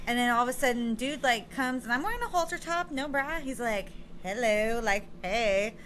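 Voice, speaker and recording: A woman's voice: sits high, a little fast, a bit bright, slight background noise. A woman guest telling bawdy stories in casual chat, giggly and swearing often. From California.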